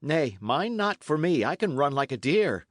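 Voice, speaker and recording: A man voicing a bold, cheerful young squire who speaks loudly and forthrightly in an old-fashioned storybook tale. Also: a little high, very animated, normal speed, no room sound, clean studio sound, pitched above the performer's own voice. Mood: hearty. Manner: loud, hearty, forthright.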